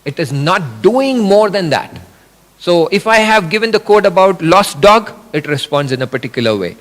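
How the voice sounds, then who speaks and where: Lively man lecturing in a reverberant hall. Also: high voice, moderate pace. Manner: animated explaining with examples and acted quotes. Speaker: religious speaker.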